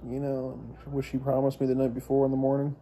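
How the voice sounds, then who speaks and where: A young man with a very dark, mellow voice rambles through a personal story. He swears freely and keeps restarting his sentences as he talks. His pitch sits in a middling range for a man. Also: monotone, fast. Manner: profane, meandering, frequent restarts and fillers. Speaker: vlogger.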